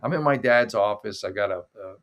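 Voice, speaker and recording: A man's voice: lowish voice, a little fast, fairly bright tone. A middle-aged man hosting a late-night livestream from his father's home office on a makeshift mic, rambling and joking as he thanks viewers by name. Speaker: livestream show host. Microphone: makeshift desk mic setup.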